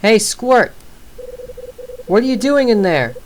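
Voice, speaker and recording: A woman's voice: on the high side, very animated, slow pace, slight background noise, pitched above the performer's own voice. A woman reading the lines of a blunt, sarcastic male detective in a game. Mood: wary.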